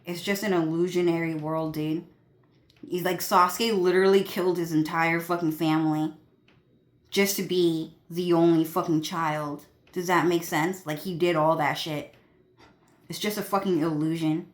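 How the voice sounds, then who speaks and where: A young woman with a fairly low voice rambles to her viewers in a loose, profane rant. She swears constantly and piles up fillers as she jumps from thought to thought. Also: fairly even intonation, normal speed. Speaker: vlogger.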